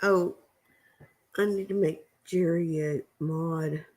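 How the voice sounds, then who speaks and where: A woman co-hosting a homestead livestream, chatting casually and easygoing with many pauses and fillers. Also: deep voice, fairly even intonation, a little mellow. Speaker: homestead channel co-host.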